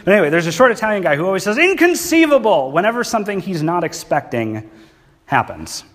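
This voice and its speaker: Casting: man, pastor preaching a casual sermon, fairly high voice, asks the room questions. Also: big pitch swings, fast, fairly bright tone. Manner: conversational, asks the congregation questions. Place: church hall.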